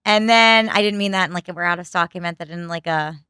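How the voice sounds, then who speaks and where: A woman's voice: on the low side, quick pace, sharp tone, clear, resonant tone, no room sound, clean studio sound. A young woman chatting as a podcast guest, bubbly, laughing often and saying "like" a lot. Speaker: podcast guest, candy company founder. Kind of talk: casual podcast chat.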